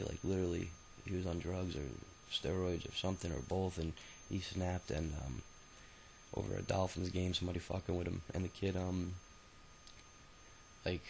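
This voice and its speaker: Deep gravelly man telling his life story. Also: a little mellow, slight background noise, rough recording. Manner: rambling and profane, many filler sounds. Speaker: autobiography narrator. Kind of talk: casual spoken memoir storytelling.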